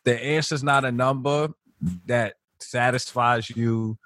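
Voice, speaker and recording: A young man co-hosting a podcast, talking in a blunt, animated way full of street slang. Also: medium pitch, slow, dry recording, studio quality. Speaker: podcast co-host. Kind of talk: casual podcast banter.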